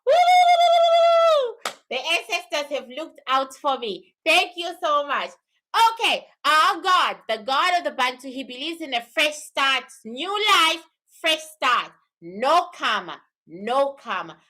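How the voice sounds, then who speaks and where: A woman talks on a livestream in a bright, forceful voice, pitched a bit high for a woman. She reads out viewer questions and comments. She repeats her key phrases for emphasis. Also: lively intonation, unhurried. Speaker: spiritual livestream host. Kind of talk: live-stream talk answering viewer questions.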